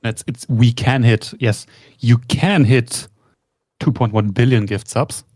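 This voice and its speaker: A man's voice: mid-range voice, slow, a little mellow, dry recording. A man joining a game stream with laid-back, dry remarks that sometimes trail off. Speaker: co-player on stream. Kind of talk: casual game chat.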